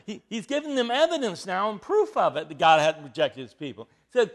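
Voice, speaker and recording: A man's voice: high voice, animated, a little fast, few pauses. A man preaching a sermon, teaching from scripture in an emphatic way, with frequent rising bursts of emphasis.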